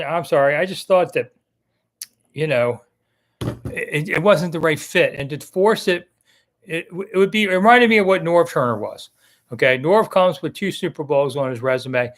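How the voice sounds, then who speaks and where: A man's voice: on the high side, lively intonation, normal speed, fairly bright tone. A middle-aged man hosting a casual live stream, chatting in a rambling, self-deprecating way about football coaching news. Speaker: sports talk show host.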